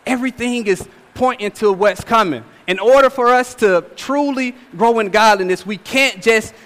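A man's voice: very high voice, normal speed, fairly bright tone. Emphatic young man preaching in a hall. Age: 20s. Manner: emphatic, repeats phrases with rhetorical "all right?". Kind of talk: sermon. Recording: long hall reverb.

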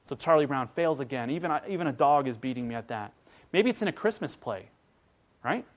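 A man preaching a sermon as pastor, telling a story with animated voices for its characters. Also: mid-range voice, a little fast.

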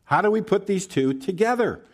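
A man's voice: high voice, expressive, moderate pace. A male pastor delivering a sermon, asking his listeners questions and breaking into a folksy story.

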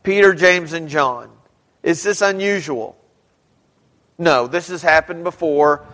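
With a fairly high, slightly bright voice and a slow delivery, a pastor works through scripture in his sermon, reading it aloud and asking the congregation questions. Long hall reverb fills the recording.

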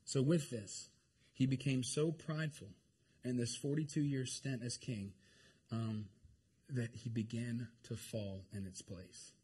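A man preaching a lively, joking sermon to his congregation. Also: medium pitch, a little slow, husky. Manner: animated, jokey, talks to the congregation. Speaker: pastor.

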